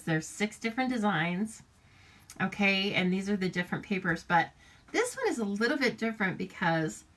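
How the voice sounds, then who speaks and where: A friendly, talkative woman leads a live craft demonstration. Her voice sits on the low side for a woman, and she greets viewers by name and laughs easily as she explains. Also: a bit bright. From United States. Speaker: papercraft demonstrator hosting a live stream.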